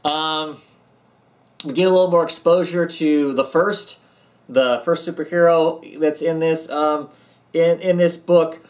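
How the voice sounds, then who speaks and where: A man's voice: on the high side, fairly even intonation, unhurried. A tired man giving a casual, rambling comic book review from his home basement, with many ums and restarts. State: tired, yawning.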